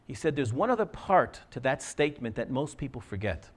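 A man's voice: mid-range voice, brisk, slightly rough. A middle-aged man, a scribe, telling a personal story in a talk and acting out the quoted dialogue. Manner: animated, acts out quoted dialogue.

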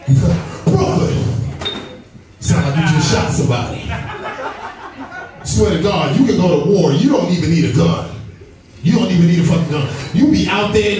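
A man doing a profane, brash stand-up comedy set, bantering with the audience in a comedy club. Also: sits high. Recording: echoey club room, distant mic, crowd. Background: audience laughter.

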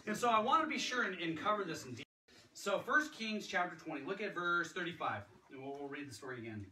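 This high-pitched preacher talks fast and expressively, giving a conversational sermon in a church sanctuary and performing the quotes he cites. Background noise, an echoey hall and a distant mic mark the recording.

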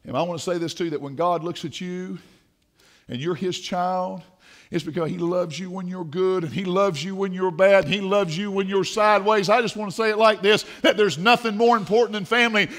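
Baptist preacher guy, high-pitched bright voice, goes from quiet to shouting, church service. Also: a little fast. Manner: fervent, swings from hushed to shouting. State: dry mouth. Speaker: pastor. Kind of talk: sermon. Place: church sanctuary.

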